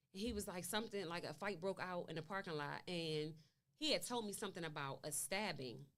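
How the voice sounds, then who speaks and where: A woman being interviewed, recounting events at length and acting out the dialogue in her story. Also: lowish voice. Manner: long retelling with quoted dialogue. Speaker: interview guest, mother. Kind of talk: conversational storytelling.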